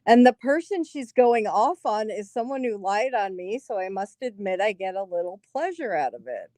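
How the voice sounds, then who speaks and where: A woman's voice: mid-range voice, expressive, moderate pace, dark tone, no echo, studio quality. A woman vlogger giving casual, profane commentary on a clip, laughing often and talking straight to her viewers. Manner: giggly, swears freely, chatty asides to viewers. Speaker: vlogger reacting to a livestream clip.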